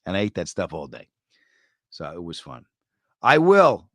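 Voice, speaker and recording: Lively New York comedian, dry close mic. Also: male voice, moderate pace, no echo. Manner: jokey, animated storyteller with sudden high bursts. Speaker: comedian hosting a live chat. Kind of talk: casual chat answering viewer comments.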